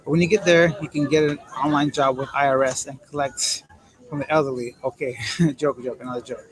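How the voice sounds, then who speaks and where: A Canadian man live-streams on his phone from an airport transit area, his fairly high voice fairly even and quick, the recording rough. He jokes and rambles candidly while reading viewer comments, with crowd chatter and PA announcements filling the busy background.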